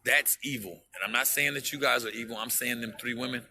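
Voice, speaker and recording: A man's voice: medium pitch, brisk, sharp tone, slight background noise. A man on a livestream, speaking to his viewers in an impassioned, profane rant and repeating himself for emphasis.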